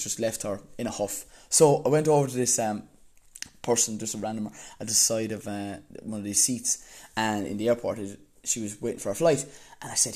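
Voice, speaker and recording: A young Irish man telling a story casually, animated and laughing as he goes. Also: on the low side, brisk. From Ireland.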